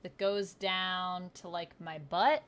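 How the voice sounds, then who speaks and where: A woman's voice: on the low side, fairly even intonation, takes it slowly, fairly bright tone. A Canadian woman player chatting through a tabletop game livestream, rambling through anecdotes and laughing often.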